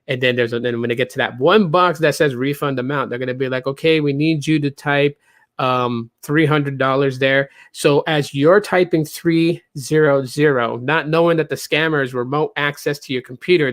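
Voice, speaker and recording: A man's voice: mid-range voice, a bit bright, dry recording. A man hosting a tech podcast in casual chat, rambling with many fillers and restarts. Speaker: podcast host.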